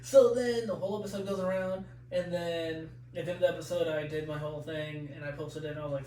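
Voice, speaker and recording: A man telling a profane, animated story as a podcast guest, with frequent laughs, recorded in an echoey room away from the mic. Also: a little high, fast talker, hardly any pauses, recorded from a distance, a little hiss or hum. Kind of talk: casual storytelling.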